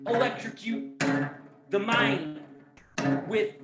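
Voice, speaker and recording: A man with a very high speaking voice delivers an improvised, declamatory rant, shouting list after list with a playful, silly edge. His voice rings out in a roomy space. Looped cello music plays behind him. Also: takes it slowly. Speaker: street cellist and improvising performer.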